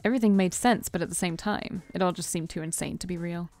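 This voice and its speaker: A woman streamer reading a visual novel aloud in an expressive voice, stopping for chatty, self-deprecating asides. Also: lowish voice, quick pace, dry recording, faint music behind. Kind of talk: reading game text aloud with casual asides.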